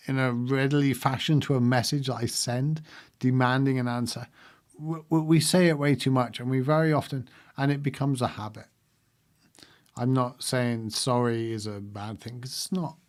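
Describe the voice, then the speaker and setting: A man's voice: mid-range voice, darkish tone. A man hosting a livestream, talking casually and reflectively to his viewers and laughing often. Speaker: livestream host.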